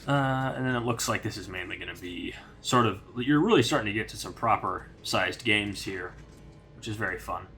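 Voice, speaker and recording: A man's voice: lowish voice, moderate pace, soft background music. A young man giving a casual, rambling unboxing review of a hobby magazine, with plenty of fillers. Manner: relaxed, rambling with many fillers.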